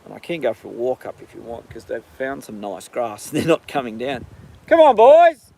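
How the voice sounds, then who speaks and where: A man's voice: medium pitch, fairly quick, creaky, husky. A man with an Australian accent, live-streaming from a horse paddock on his phone, ranting and then chatting casually. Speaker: livestream host.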